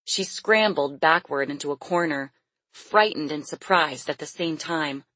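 A woman narrating an audiobook in a steady, measured way. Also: deep voice, dry recording.

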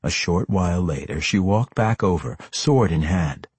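A man reading scripted fantasy narration in a measured, expressive manner. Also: sits low, slightly rough, no room sound. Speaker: audiobook narrator.

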